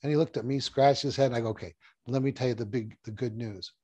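Mellow-voiced man teaching hypnotherapy. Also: medium pitch, steady tone, fast talker, slightly rough, no echo, muffled recording. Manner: storytelling, conversational, repeats key phrases. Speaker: hypnotherapy trainer. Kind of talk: casual teaching talk to camera.

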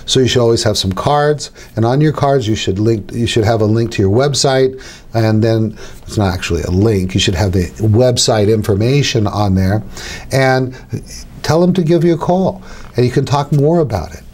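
A man's voice: medium pitch, moderate pace, a little mellow. Conversational middle-aged man coaching. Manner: conversational, repeats key phrases, acts out dialogues. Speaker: hypnotist teaching other hypnotists. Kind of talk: instructional talk to camera.

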